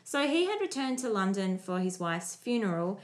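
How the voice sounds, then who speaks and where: A woman's voice: medium pitch, very animated, moderate pace. A woman hosting a podcast, telling a history story in a casual chat with playful asides. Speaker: podcast host.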